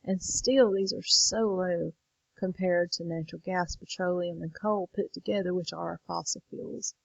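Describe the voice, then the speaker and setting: A woman's voice: fairly low pitch, steady tone, normal speed, creaky, dry recording, lo-fi sound. A woman teacher walking students through a lesson late in the evening, tired and yawning. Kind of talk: recorded lesson walkthrough.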